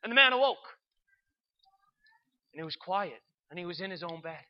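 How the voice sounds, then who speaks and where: A storyteller narrating a Christian story in an earnest, unhurried way, with asides to the listener. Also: medium pitch, animated, dull audio.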